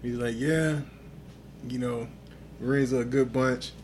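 On a podcast, a tipsy co-host spins a profane tale full of acted-out dialogue during a casual, drunken storytelling chat. He speaks at a medium pitch, steady and measured, with a darkish tone over slight background noise.

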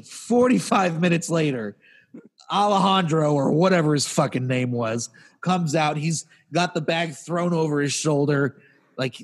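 Man ranting animatedly with room reverb. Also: on the high side. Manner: animated storytelling, acts out quoted people in raised voices. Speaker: podcast co-host. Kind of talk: casual comedic rant.

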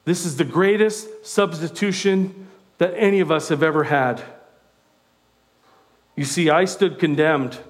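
A man preaching a sermon in a conversational, animated way, with self-deprecating asides. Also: fairly high pitch, measured pace, long pauses.

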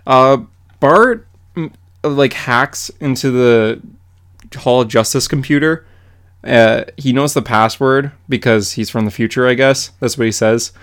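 A man's voice: medium pitch, unhurried, clear, resonant tone. A young man co-hosting a podcast, chatting casually and animatedly, with lots of fillers. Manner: animated, filler-heavy comic recaps. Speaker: podcast co-host. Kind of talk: casual chat.

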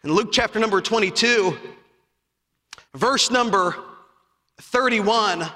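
A man from Chicago delivers an impassioned sermon in a high, ringing voice. His bright tone carries through the long reverb of a large hall. He builds to shouts, then falls to hushed, heavy lines. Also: slow pace. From south side of Chicago. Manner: impassioned, rising to shouts and dropping to hushed tones. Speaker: preacher.

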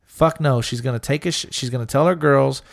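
A man's voice: mid-range voice, a little fast, gravelly. A young man co-hosting a podcast, talking casually and profanely, rambling and acting out quotes. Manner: rambling, profane, acts out quotes in raised voices. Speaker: podcast co-host. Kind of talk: casual chat.

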